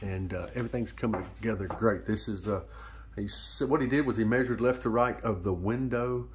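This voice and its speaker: Low-voiced man showing kitchen work. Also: fairly quick, a little hiss or hum. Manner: plainspoken, explaining step by step with fillers. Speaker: vlog co-host, pastor. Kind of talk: casual home-remodel vlog walkthrough. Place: indoors in a kitchen.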